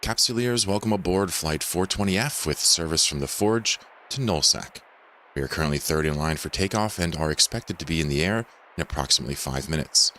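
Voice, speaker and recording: A man doing a very deep airline captain. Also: expressive, brisk, sharp tone, slight background noise, exaggerated voice. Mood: formal. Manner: formal, polished announcer delivery. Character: smooth adult male airline captain making announcements. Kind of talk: mock in-flight announcement.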